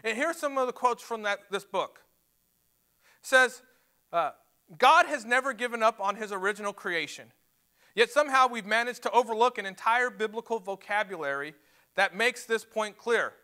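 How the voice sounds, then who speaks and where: A man's voice: high voice, expressive, normal speed, sharp tone. A man preaching a sermon to a church, emphatic and repeating words as he builds his points. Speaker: pastor. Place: church sanctuary.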